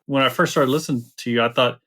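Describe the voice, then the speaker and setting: A man's voice: medium pitch, fairly even intonation, quick pace, fairly bright tone. Folksy man with a Southern twang. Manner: folksy storytelling. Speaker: podcast co-host. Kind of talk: casual podcast chat.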